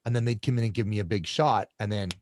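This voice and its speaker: Low-voiced man telling his story. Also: fast, darkish tone, a little hiss or hum. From Canada. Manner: rambling, with many restarts. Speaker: coach and guest. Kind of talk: casual storytelling interview.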